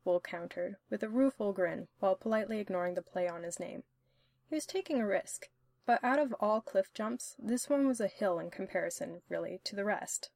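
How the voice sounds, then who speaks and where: A woman narrating a story in an even, steady reading manner. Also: mid-range voice, normal speed, no echo. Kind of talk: audiobook-style story reading.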